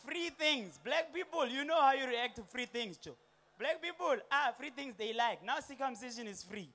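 South African stand-up, young man, very high pitch, animated delivery with slang and put-on voices. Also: slight background noise. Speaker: stand-up comedian. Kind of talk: stand-up comedy set. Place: comedy stage before a live audience.

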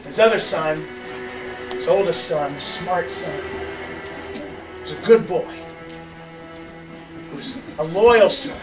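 High-voiced playful man telling a kids' lesson. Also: slow pace, long pauses, music in the background. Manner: lively, playful, chatty, asks the audience questions. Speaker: children's church teacher. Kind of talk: animated storytelling lesson with volunteers. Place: large room with kids, music playing. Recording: echoey room, voice from far off.

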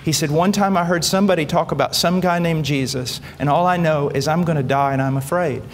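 A man's voice: fairly high pitch, a little fast. Guy preaching and telling a story, acts out the voices, faint noise in an echoey hall. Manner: quotes others in lively acted voices, rising excitement. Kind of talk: sermon storytelling.

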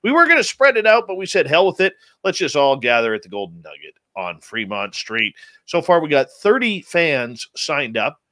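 A man's voice: moderate pace, hardly any pauses, no room sound. A man hosting a radio talk show, upbeat and jokey, with big swings in his delivery. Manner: energetic, jokey announcer delivery with big pitch jumps.

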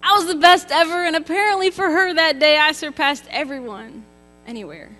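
A woman in her thirties delivers a contemporary sermon, her voice bright and forward. She talks in a chatty, emphatic way, tossing rhetorical questions to the congregation. The sound carries a long church-hall reverb, with soft music faintly underneath. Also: high voice, brisk. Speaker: preacher. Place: church sanctuary.

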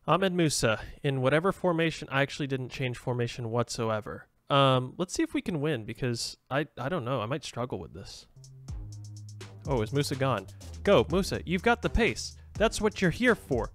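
A young man giving jokey, excitable commentary on his own football video game match, shouting at his players. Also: fairly high pitch. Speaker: gaming YouTuber. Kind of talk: casual gameplay commentary.

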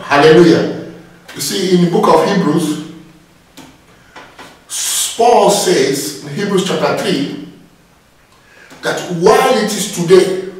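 A man's voice: high voice, very echoey, recorded from a distance, low-quality recording. A man preaching a sermon, exhorting his listeners and often breaking in with praise. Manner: exhorting, repeats phrases with "Praise God".

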